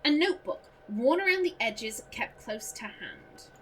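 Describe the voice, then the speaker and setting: A woman gamer giving casual gameplay commentary, chatty and self-mocking, thinking out loud as she reads clues. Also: a little high, very animated, unhurried, slight background noise. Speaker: let's play gamer.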